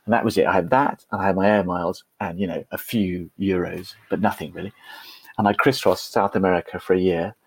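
A man's voice: deep voice, fairly even intonation, a little fast, breathy edge. A man, a podcast guest, telling a personal story in a chatty, self-deprecating way with frequent restarts. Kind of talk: conversational storytelling.

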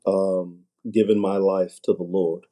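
A man with a very low, mellow, dark voice telling his story on a podcast. He speaks in a measured, halting way and pauses on "um" often. The delivery is relaxed and unhurried. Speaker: guest, husband.

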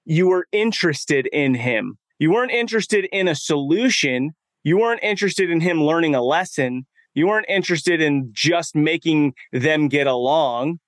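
Podcast host guy, earnest, repeats for emphasis, kinda higher voice, dry mic. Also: normal speed, no echo. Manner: earnest, emphatic, recaps with repetition. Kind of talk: casual chat.

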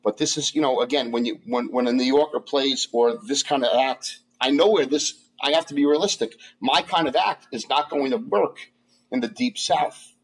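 A man who is a comedian guest, telling stories in a casual interview, halting and restarting often. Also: medium pitch, slightly rough, low-quality recording. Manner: halting, many restarts and fillers.

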